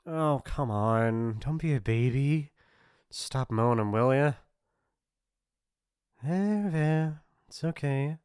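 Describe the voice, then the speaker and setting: A man's voice: medium pitch, slow pace, a little mellow, clear, resonant tone, dry recording, studio quality, lightly acted. A man voicing a mean, teasing popular bully in an ASMR role-play, mocking and laughing often. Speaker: voice actor.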